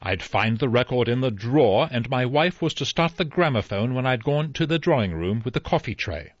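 A man's voice: medium pitch, animated, a little fast, no room sound, pitched above the performer's own voice, natural voice. A man reading an audiobook, voicing an anxious, deferential middle-aged butler who pleads earnestly. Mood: pleading. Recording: slightly dull dry recording.

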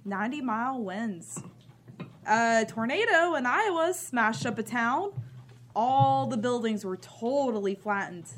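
An actress playing a bitter, cynical grown daughter who talks with sarcastic scorn. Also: female voice, sits high, a bit bright, a little hiss or hum, exaggerated voice. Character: bitter cynical adult daughter living at home. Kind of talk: drama scene.

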